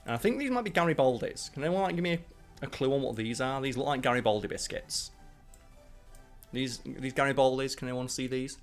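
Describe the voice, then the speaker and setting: Male host, casual stream chat, rambling and sweary, mid-pitched. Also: expressive, a little fast, soft background music. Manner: rambling, profane and opinionated. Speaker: channel host ranking biscuits.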